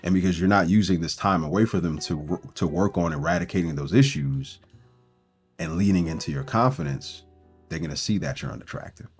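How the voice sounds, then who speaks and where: A man with a very deep, low voice talks as a breakup coach, earnest and encouraging, and drives his points home with one rhetorical question after another. Soft guitar music plays faintly underneath. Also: expressive, fairly quick, slightly rough. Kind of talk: motivational self-help talk.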